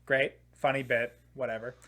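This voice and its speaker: A man's voice: medium pitch, little pitch movement, normal speed, fairly bright tone. A young man in his twenties hosting a podcast, telling a long comedic story. He rambles, swears freely, leans on filler words, and laughs at his own jokes as he talks. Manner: rambling, profane, many filler "like"s. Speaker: podcast host.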